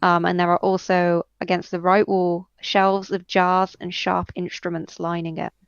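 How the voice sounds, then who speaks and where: Hesitant woman game master, smooth voice. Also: fairly low pitch, level tone, normal speed, dry recording, lo-fi sound. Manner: hesitant, many ums and uhs. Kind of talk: narrating a tabletop game.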